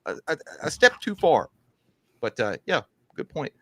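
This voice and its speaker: A man's voice: a little high, huge pitch swings, unhurried, no echo. Profane joking man reading chats. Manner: loose, joking, profane, rambling. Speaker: co-host reading super chats. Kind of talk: casual live-stream chat.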